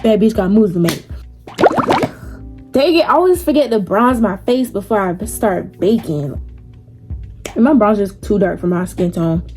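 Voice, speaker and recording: A woman's voice: mid-range voice, lively intonation, normal speed, pauses often, music in the background. A young woman telling a story casually while doing her makeup, chatty and slangy, laughing often. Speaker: vlogger.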